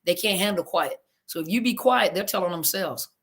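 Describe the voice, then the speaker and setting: A woman's voice: on the low side, a little fast, a bit bright. A woman therapist hosting a live audio chat, answering listener comments and apologizing often after technical slips. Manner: apologetic, flustered, Southern-flavored casual speech. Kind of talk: casual live-stream chat, reading comments.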